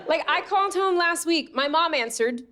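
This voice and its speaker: A woman's voice: extremely high pitch, expressive, moderate pace, sharp tone, some chatter behind. An American woman from New York doing a chatty, self-mocking stand-up set on a theatre stage. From Staten Island, New York, USA. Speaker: stand-up comedian. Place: theatre stage before a laughing audience.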